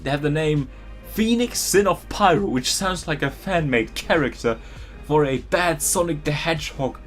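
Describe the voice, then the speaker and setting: A man reading a story aloud and mocking it, exasperated, laughing and swearing. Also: fairly high pitch. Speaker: channel host. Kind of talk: comedic dramatic reading and commentary.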